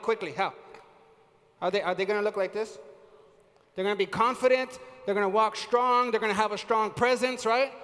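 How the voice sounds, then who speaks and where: A man giving an energetic live seminar on sales and leadership, quizzing the audience and using casual slang. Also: very high voice. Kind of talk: live motivational seminar talk. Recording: reverberant hall.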